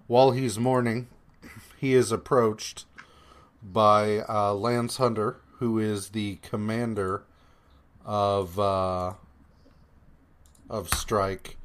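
Slow, rambling man recapping comics. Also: on the low side, smooth. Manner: meandering, profane, many fillers and hesitations; paraphrases characters in a flat, sarcastic retelling. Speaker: podcast co-host. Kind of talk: casual comic-book recap chat.

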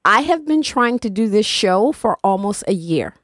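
A woman hosting a casual community radio talk show. She is chatty and playful, and her pitch sometimes swoops up suddenly. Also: sing-song, moderate pace, no echo, studio quality. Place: radio studio.

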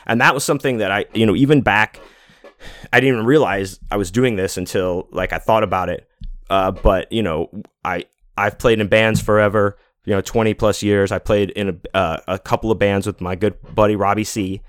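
A man's voice: fairly low pitch, steady tone, fairly quick, no room sound, clean studio sound. A man in his forties hosting a podcast, talking in a rambling, casual monologue full of fillers, restarts and swearing. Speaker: podcast host.

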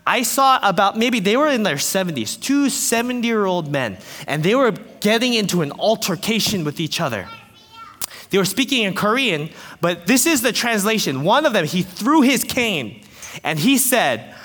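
A man preaching a lively sermon to a congregation with kids, animated and jokey with playful asides. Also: high-pitched, normal speed, in a large hall. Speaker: pastor.

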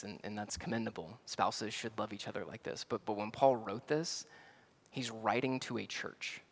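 A man from the American South with a Southern accent, preaching a sermon as pastor, stressing words loudly, dropping to quiet asides, and often restarting phrases. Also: medium pitch, long reverb tail. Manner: emphatic, swings between loud stresses and quiet asides.

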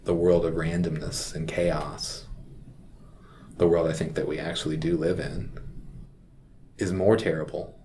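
A man with a very low, deep voice tells a personal story from his work as a hospital chaplain. He speaks reflectively and haltingly, often pausing. A faint room ambience sits behind him. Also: little pitch movement, warm tone, a little hiss or hum.

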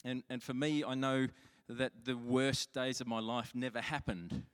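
A man's voice: mid-range voice, steady tone, normal speed, clear, resonant tone. A man preaching a sermon as pastor, telling stories in a chatty, self-mocking way with frequent restarts. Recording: long hall reverb.

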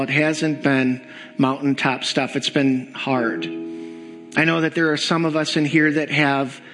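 A man speaks as a pastor in a slow, deliberate, earnest way, leading his church in prayer. His voice sits a little high. Faint instrumental music plays under his words. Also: a bit bright, low-quality recording. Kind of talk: sermon prayer. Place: church sanctuary.

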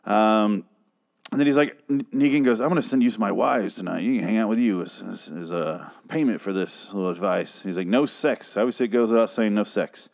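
A man recaps an episode in a loose, rambling way, full of restarts and swearing. His voice sits a little on the low side and turns exasperated and fed up. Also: a little fast, creaky, darkish tone. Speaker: TV show reviewer. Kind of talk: casual episode recap and rant.

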